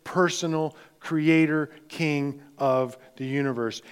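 A man preaching a sermon with slow, emphatic delivery, dropping into hushed tones for emphasis. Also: fairly high pitch, lively intonation. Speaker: pastor.

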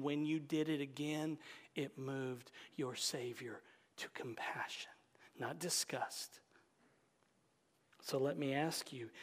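A male pastor preaching a sermon, swinging between forceful emphasis and hushed whispers. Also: fairly high pitch. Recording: long reverb of a large hall.

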